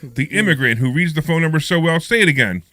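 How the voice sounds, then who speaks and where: Energetic, fast-talking man hosting radio. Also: fairly high pitch, dry recording. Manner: energetic, chatty, promotional. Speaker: radio show host. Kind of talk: casual radio talk show banter. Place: radio studio.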